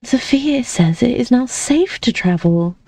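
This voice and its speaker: A woman voicing a sweet, naive, sheltered young lady of the house, gentle and trusting in manner. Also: on the high side, lively intonation, measured pace, no echo, voice pushed up. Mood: pleading.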